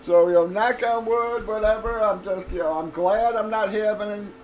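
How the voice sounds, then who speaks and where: A man's voice: high-pitched, fairly even intonation, moderate pace, darkish tone. A middle-aged man talking casually and bluntly, swearing and laughing often as he vents about his cancer treatment. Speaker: livestreamer. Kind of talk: casual chat. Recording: roomy echo, distant from mic, faint noise.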